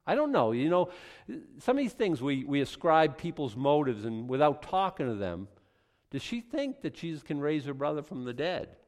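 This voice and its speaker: A man preaching a sermon, acting out conversations in an animated, building delivery. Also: fairly high pitch, normal speed. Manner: animated, acts out dialogue with rising intensity.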